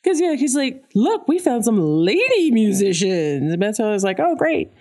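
This woman's voice is a little high and moves at normal speed. As a podcast co-host recapping a cartoon episode in casual chat, she acts out each quoted character with lively energy and laughter.

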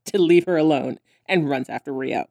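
A woman co-hosting a podcast, chatting casually about a cartoon episode, laughing often and acting out characters' lines in high squeals. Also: moderate pace, creaky, mellow, no room sound. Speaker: podcast co-host.

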